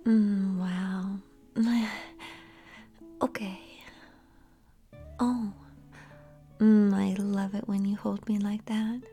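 Slow whispered role-play, young woman. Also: medium pitch, warm tone.

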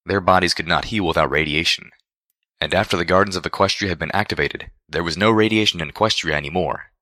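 A man narrating a fan fiction story aloud in a steady reading voice. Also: low-pitched, fast, no room sound, studio quality.

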